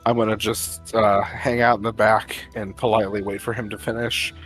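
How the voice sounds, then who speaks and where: A man's voice: fairly low pitch, level tone, normal speed, soft background music. A man playing a tabletop game, talking casually and hesitantly, with many fillers. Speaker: player.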